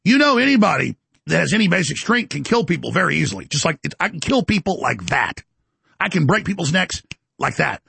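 Gravelly, ranting male show host. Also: fairly high pitch, sing-song, brisk, a bit bright, no room sound. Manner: ranting, boastful, breaks into mocking voices. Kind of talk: heated political monologue.

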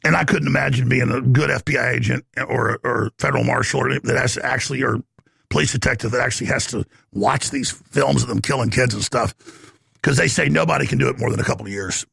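A man with a strongly gravelly, raspy voice pitched a bit high, ranting through a talk radio monologue. He rambles and jumps from topic to topic with heat. The sound is close and dry, with no room echo. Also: fast, fairly bright tone. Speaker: talk show host.

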